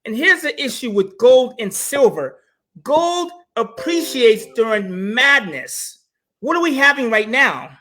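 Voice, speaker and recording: A man co-hosting a casual panel talk, animated and addressing viewers directly as he tells stories. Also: very high voice, a little slow, slight background noise. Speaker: co-host.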